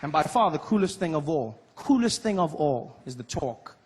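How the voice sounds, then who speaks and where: A man from Africa, performing a lively stand-up comedy routine and acting out voices. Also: fairly high pitch, normal speed, slightly rough, a faint crowd. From South Africa. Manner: animated, acts out voices and laughs.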